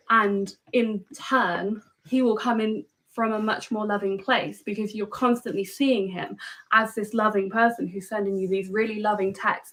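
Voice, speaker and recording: Woman, co-host on a live stream, rambling chatty talk, lots of fillers, middle pitch. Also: poor audio.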